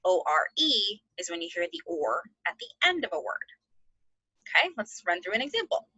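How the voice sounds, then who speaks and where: A woman teaching an online phonics lesson to second graders, sounding out letters slowly and encouraging the class. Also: mid-range voice, big pitch swings, sharp tone, husky, dry recording, dull audio.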